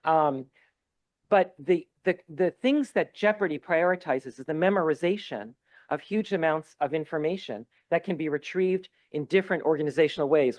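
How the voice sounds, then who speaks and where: A man's voice: on the high side, moderate pace, a little mellow, no room sound. A man giving opening remarks at a conference, explaining teaching tasks in an earnest lecturing way, with many ums and restarts. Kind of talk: conference talk. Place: lecture hall.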